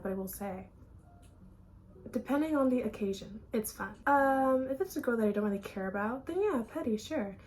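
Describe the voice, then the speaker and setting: Young woman, vlogger, chatty gossip, higher voice, light background hiss. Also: darkish tone, poor audio. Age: young adult. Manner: chatty, gossipy, candid storytelling. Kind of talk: casual chat.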